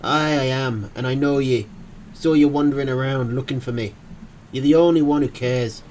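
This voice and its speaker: A man's voice: mid-range voice, moderate pace, a little mellow, a little hiss or hum, lightly acted, low-quality recording. A man voicing a guilt-ridden young Irish immigrant, pleading breathlessly in an Irish accent. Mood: anguished pleading. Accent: put-on Irish.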